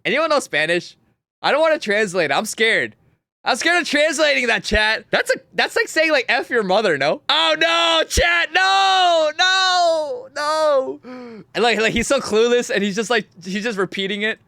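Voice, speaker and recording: Animated young male streamer, bright close voice. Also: high-pitched, fairly quick, no room sound. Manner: animated and mocking, talks to chat, laughs often. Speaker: livestream host. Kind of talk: reaction commentary on a livestream.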